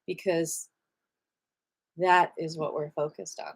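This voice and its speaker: A woman leading a live online qi gong class in a chatty, animated way, giving gentle breathing cues and greeting viewers by name. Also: lowish voice, slow pace. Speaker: qi gong teacher.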